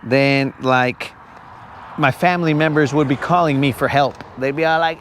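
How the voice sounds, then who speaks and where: A man's voice: mid-range voice, steady tone, moderate pace, fairly bright tone, a little hiss or hum. A man hosting a live fishing stream outdoors on a lake, joking with viewers in casual chat and calling them bro.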